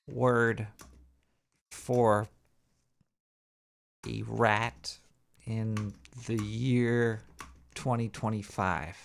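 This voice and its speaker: A man hosting a live show, rambling and joking as he thinks out loud. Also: medium pitch, fairly even intonation, slow, vocal fry, long pauses. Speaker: show host. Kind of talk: casual live show banter.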